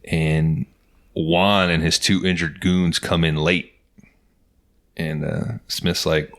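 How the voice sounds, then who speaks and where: A man with a very low, deep voice talks through a movie plot in relaxed, swear-heavy podcast chat. He keeps a loose, easygoing delivery, slipping into quoted lines as he goes. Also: slow, pauses often. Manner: laid-back, profane, acts out quotes with laughs. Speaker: podcast host. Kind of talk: casual movie recap chat.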